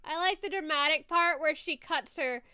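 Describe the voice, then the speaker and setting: A woman streamer giving chatty, excitable live commentary over a film, swearing when she gets worked up. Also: sits high, moderate pace, dry recording.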